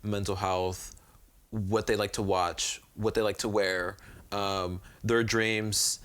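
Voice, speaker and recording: A man's voice: on the low side, little pitch movement, slow, a bit bright, clean tone. A young man hosting a casual podcast chat, easygoing and reflective, laughing often. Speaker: podcast host.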